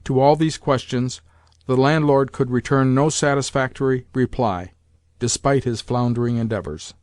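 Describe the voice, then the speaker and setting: A man reading a classic novel aloud as an audiobook narrator in a measured, even manner. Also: medium pitch, no echo, clean studio sound.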